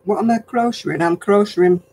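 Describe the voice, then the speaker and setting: A woman from Lancashire, England, with a broad local accent chats homely with viewers while crocheting on a craft livestream, answering their comments. Her medium-pitched voice has a dark tone and a fairly quick pace. The rough recording carries a little hiss or hum.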